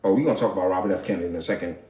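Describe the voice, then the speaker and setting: A man's voice: deep voice, rapid-fire, mellow, roomy sound, slight background noise. A man hosting a live show, ranting about politics in a heated, slangy, profane way. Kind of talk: casual political rant.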